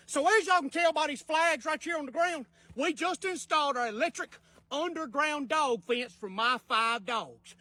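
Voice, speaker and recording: A man's voice: extremely high pitch, bright, forceful tone. A man speaking in a folksy, chatty way in a comedic vlog.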